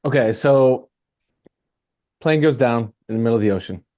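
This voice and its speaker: A man with a dark, mellow voice drops quick, wry remarks into a casual podcast chat. He swears freely. His pitch sits at a medium level. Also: no room sound, studio quality.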